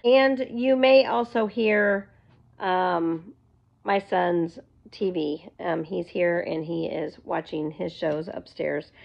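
A woman's voice: on the low side, steady tone, slow, creaky. A woman vlogger at home, telling an earnest, rambling faith testimony to her viewers. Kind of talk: casual faith testimony to camera. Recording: dull lo-fi recording.

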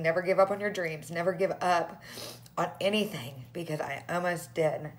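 A woman's voice: on the low side, moderate pace. A woman in her thirties chatting to her followers while teary and crying, laughing through her tears. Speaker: direct sales vlogger. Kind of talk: emotional casual live chat.

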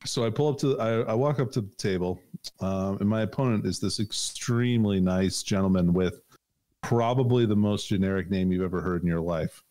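Low-voiced man rambling with fillers. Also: brisk, darkish tone. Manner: rambling, laughs often, many fillers. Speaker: podcast co-host. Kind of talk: casual chat.

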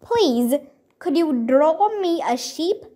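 A woman's voice: sits high, expressive, takes it slowly, warm tone. A woman reading a children's audiobook aloud and voicing a tiny boy prince from another world who is earnest, insistent and politely pleading.

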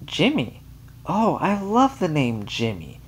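A man's voice: fairly high pitch, wildly swooping pitch, slow, husky, voice pushed up, heavily acted. A man voicing a gushing, girlish young woman visitor.

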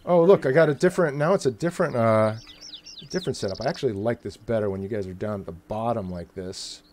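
Host voice: a male streamer, energetic and casual, swears, narrates his own fiddling with the setup, faint noise behind. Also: medium pitch, fast talker. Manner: energetic, swearing, thinking aloud while fiddling with settings. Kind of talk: live stream chat.

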